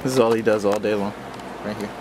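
A man's voice: on the low side, fairly even intonation, quick pace, background noise. A young man joking and bantering outdoors in a casual home video.

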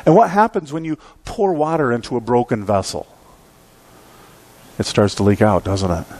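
A man's voice: mid-range voice, a little mellow. A man in his forties preaching a sermon in a church, telling a story in a conversational, self-deprecating, humorous way and often checking in with the congregation. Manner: conversational storytelling, keeps asking the congregation "right?". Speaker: pastor. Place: church sanctuary.

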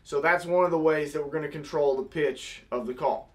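High-voiced man teaching goose calling. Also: a little fast, very noisy. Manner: step-by-step, demonstrating with vocal honk sounds. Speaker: goose call instructor. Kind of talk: casual how-to tutorial.

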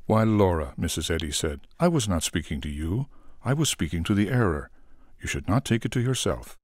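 A man giving an expressive documentary reading of recollections. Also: deep voice, a little fast, no echo.

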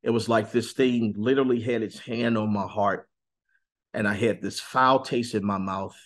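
A man giving an earnest, intense testimony in a sit-down interview, slowing on key words and rising suddenly in pitch and volume. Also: steady tone. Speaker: interview guest.

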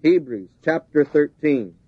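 A man's voice: a little high, expressive, measured pace, slightly rough. A man preaching a sermon, driving his points home with repeated, rising emphasis. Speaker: pastor. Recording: dull lo-fi 1970s tape.

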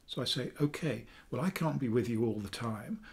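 Therapist guy talking you through a calming technique, relaxed, lots of ums. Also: mid-range voice, normal speed, vocal fry. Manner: calm, chatty explaining with fillers, softening to near-whispers for affirmations. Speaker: therapist teaching a self-help technique. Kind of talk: talking-head teaching video.

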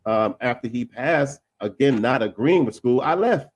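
A man in a casual panel discussion. He talks in an animated way, repeats himself, trails off into filler sounds and laughs as he talks. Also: mid-range voice, normal speed, no echo. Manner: laughs while talking.

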